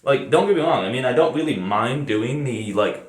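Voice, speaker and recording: This young US vlogger has an expressive, mid-range voice at normal speed. Reverberant audio carries his casual rambling, generous swearing, and laughter at his own jokes, beginning in a bathroom shower before he heads indoors.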